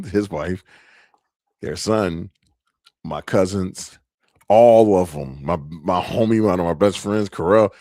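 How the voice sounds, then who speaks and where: A low-pitched young man hosts his own podcast and tells loose, slang-heavy stories with plenty of laughter. His voice sits close to the mic. The recording is dry, with no room sound. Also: slow pace, pauses often, dry recording. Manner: animated, laughing, loose slang-filled storytelling. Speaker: podcast host. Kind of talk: casual solo podcast storytelling.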